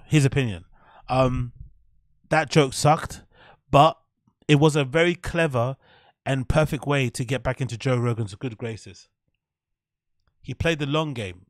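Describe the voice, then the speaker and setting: A man's voice: medium pitch, a little slow, pauses often, dry recording, clean studio sound. A man with an English accent giving casual, blunt, profane commentary as a video reviewer. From England. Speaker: YouTube reviewer.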